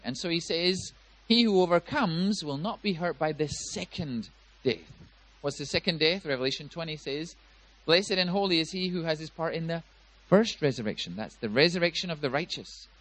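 Emphatic preaching man, slightly high voice. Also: rough recording. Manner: emphatic preaching with swings in loudness and pace, repeats words. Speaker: pastor. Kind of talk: sermon.

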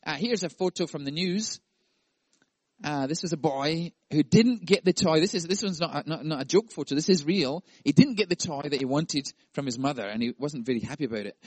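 A man's voice: on the high side, fairly quick, no echo. A male pastor preaching a sermon, playful and jokey, acting out voices.

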